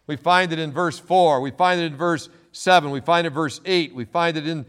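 A male pastor preaching a sermon, reading scripture and swinging between loud emphatic quotes and quiet asides. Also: a little high, brisk, smooth.

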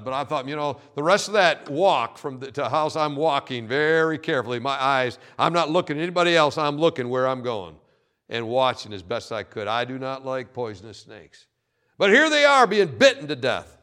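A man preaching a sermon, telling stories in an animated way, often repeating words. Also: mid-range voice, moderate pace. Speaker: pastor.

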